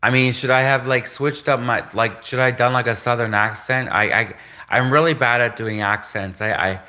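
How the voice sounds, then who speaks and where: A man's voice: medium pitch, steady tone, moderate pace, sharp tone. A Canadian man hosting a casual livestream, rambling and hesitant, laughing at his own jokes. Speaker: livestream host.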